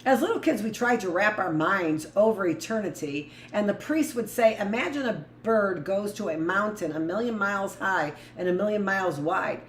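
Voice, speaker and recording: A middle-aged woman reads a book aloud to a live class at a middle pitch. She breaks off often into blunt, rambling asides of her own. The room echoes around her, with a faint hiss underneath. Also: lively intonation, normal speed, few pauses. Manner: rambling, blunt asides between read passages. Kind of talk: live book reading with commentary.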